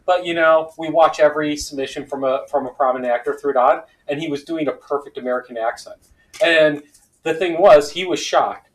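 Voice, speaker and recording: Animated man reading board game rules. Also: a little high, brisk, poor audio. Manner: animated storyteller, acts out quoted voices. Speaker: board game player and host.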